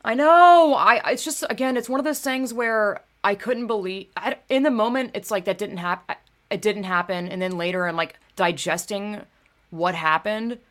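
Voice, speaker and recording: A woman's voice: mid-range voice, moderate pace, fairly bright tone. A young adult woman hosting a casual livestream, rambling and swearing with many fillers while she talks to chat. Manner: rambling, profane, filler-heavy. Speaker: livestream host.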